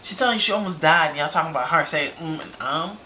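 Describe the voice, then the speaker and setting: A woman reacting to a video in casual commentary, animated and slangy, talking back at the screen. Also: low voice, racing, a little hiss or hum.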